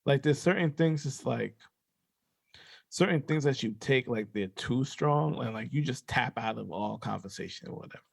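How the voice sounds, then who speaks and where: A man's voice: mid-range voice, animated, creaky, husky, dry recording. A young man with a slight lisp, co-hosting a podcast in a loose, rambling chat full of fillers. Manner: laid-back, rambling, drawn-out fillers. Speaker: podcast co-host. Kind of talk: casual chat.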